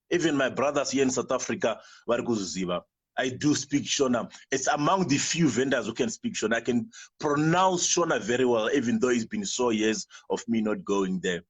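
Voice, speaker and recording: A man's voice: mid-range voice, fairly quick, breathy edge. A man from Zimbabwe, a native Venda speaker with a Zimbabwean English accent, telling an emotional personal story in an earnest way, often restarting his sentences. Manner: earnest, repetitive, with many restarts. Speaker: guest.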